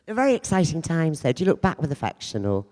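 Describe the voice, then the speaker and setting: A man interviewing a guest on stage, asking quick prompting questions. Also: on the high side, big pitch swings, a little mellow. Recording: long hall reverb.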